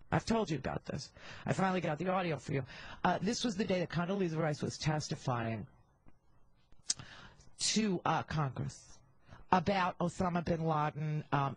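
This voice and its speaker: Middle-aged woman, talk radio host, husky, candid and wisecracking, rambling asides into a handheld mic. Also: lowish voice, no echo, poor audio.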